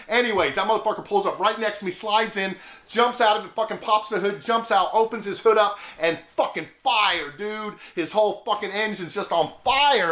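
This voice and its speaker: A man's voice: sits high, a little fast, hardly any pauses, fairly bright tone. A man hosting his own channel, telling a story in a laid-back way, swearing a lot and saying "dude.". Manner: profane, laid-back, says "dude" often. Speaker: vlog host. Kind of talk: casual storytelling. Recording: roomy echo.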